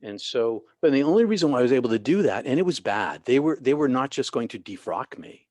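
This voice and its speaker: A middle-aged man telling a long personal story in an interview, animated, with many restarts and acted-out quotes. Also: medium pitch, a little fast, no echo. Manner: animated, restarts often, acts out quoted people. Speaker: guest, author and former minister.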